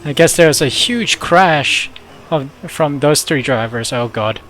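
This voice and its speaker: A man's voice: a little high, a little slow. Young male gamer, casual play-by-play, mid voice, light background noise. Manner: chatty, excitable reactions. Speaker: gaming YouTuber. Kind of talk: casual gameplay commentary.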